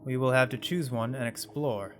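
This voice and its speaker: A man's voice: mid-range voice, normal speed, music in the background, close to an everyday voice. Six, a man voicing a formal robot servant. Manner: courtly, addresses listener as mistress, half-attempted accent. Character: polite formal robot servant, male-voiced. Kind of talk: reading game dialogue aloud.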